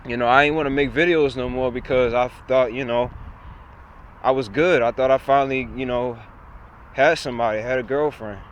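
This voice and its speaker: A man's voice: medium pitch, fairly even intonation, fairly quick, dull audio. A young man, rambling and swearing a lot as he vents to the camera outdoors. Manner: rambling, repetitive, frequent profanity. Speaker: vlogger. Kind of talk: casual rant to camera. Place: outdoors by a busy road. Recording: outdoor street noise and wind. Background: traffic and trucks.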